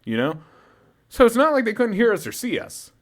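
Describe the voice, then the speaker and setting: This podcast co-host is a young man with a fairly quick, high-sitting voice, spinning a story in relaxed conversation. He laughs a lot, curses without holding back, stays animated, and turns loud when he mimics a drunk fan.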